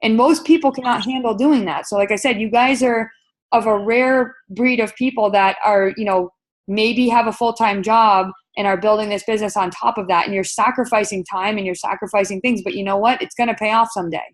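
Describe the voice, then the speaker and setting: A woman's voice: mid-range voice, fairly even intonation, fairly quick. A woman leading a webinar sales training, speaking in an upbeat, coaching way with many fillers and repeated words.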